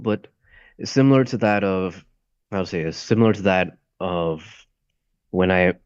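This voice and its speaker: Young man, deep voice, loose rambling delivery, muffled lo-fi mic. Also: unhurried, long pauses, clean tone, dry recording. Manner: rambling, searching for words. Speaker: aspiring voice actor. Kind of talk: casual stream chat. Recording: dull lo-fi mic.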